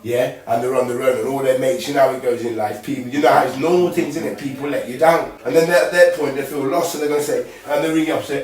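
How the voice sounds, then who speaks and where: A man's voice: medium pitch, steady tone, fast talker, few pauses, a little mellow. Guy rambling on about being a dad, loads of slang and "yeah?", sounds far off in a really echoey room. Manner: street slang, rambling with lots of tag questions. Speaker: dad giving advice. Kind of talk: casual monologue.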